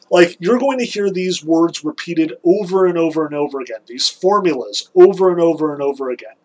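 A man lecturing in a loose, conversational way, his fairly high voice rising to hammer home key words. He keeps an animated, informal delivery with casual fillers. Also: normal speed, few pauses, low-quality recording. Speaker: lecturer on Homer.

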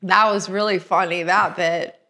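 A woman's voice: fairly low pitch, steady tone, unhurried, background noise. A woman comedian from Illinois, a guest on a podcast, chatting in a playful, bubbly way and swearing casually. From Illinois, USA.

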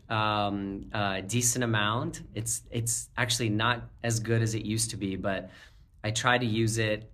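A man in his forties, born in Ukraine with Russian as his first language, speaking with an American accent, chatting as an executive guest in a casual interview with many fillers. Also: fairly low pitch. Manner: relaxed, chuckling, many fillers.

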